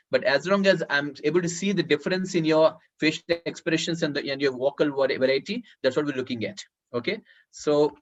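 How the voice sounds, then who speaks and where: Man coaching on a dull video call. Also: a little high. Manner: instructive, repeats words for note-taking. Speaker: public speaking trainer. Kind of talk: online workshop teaching.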